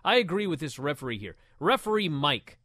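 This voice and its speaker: A man co-hosting a casual wrestling talk show, reading listener comments aloud in an animated, mock-outraged way. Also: fairly high pitch, fairly quick, no room sound, clean studio sound.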